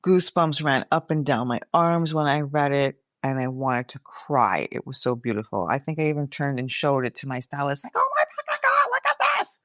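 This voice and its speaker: A woman's voice: extremely low pitch, moderate pace, hardly any pauses, no room sound, clean studio sound. A middle-aged woman hosting her own podcast, talking candidly and casually, swearing freely and calling her listeners y'all. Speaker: podcast host. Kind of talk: casual reflective monologue.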